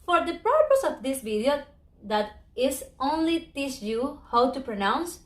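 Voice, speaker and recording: A high-pitched woman teaches an online language lesson, breaking words into syllables slowly and carefully. Her voice rings out in a roomy, echoey space. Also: big pitch swings. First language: Spanish. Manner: slow, careful spelling out of syllables. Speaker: Spanish teacher.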